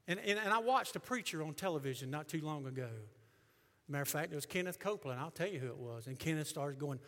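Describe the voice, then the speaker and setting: A middle-aged male pastor preaching a sermon, emphatic, surging loud and then dropping low. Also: lively intonation, fast talker. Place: church sanctuary. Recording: long reverb of a church hall.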